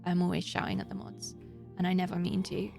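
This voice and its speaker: A woman's voice: lowish voice, monotone, a little fast, creaky, darkish tone, faint music behind. A woman live streaming a game, chatting casually and directly with her viewers. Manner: chatty, talks straight to viewers. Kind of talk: casual gaming stream chat.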